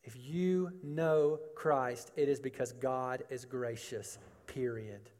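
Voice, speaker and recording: A man's voice: medium pitch, slow, a little mellow. A man preaching a sermon, emphatic, with rhetorical questions and repeated phrases, in a large church hall. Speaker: pastor. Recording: long hall reverb.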